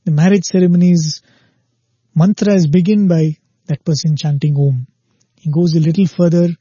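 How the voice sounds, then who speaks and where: A man giving a spiritual discourse, unhurried, telling a parable and acting out the quoted lines. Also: fairly high pitch, steady tone, warm tone, husky, no echo. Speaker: spiritual speaker. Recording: dull lo-fi dry recording.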